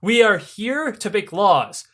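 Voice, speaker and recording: A man voicing an exasperated empress who yells at her court in a raised, strained voice. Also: high voice, sing-song, takes it slowly, full character voice. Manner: yelling, fed-up scolding. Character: exasperated shouting empress, a bossy woman.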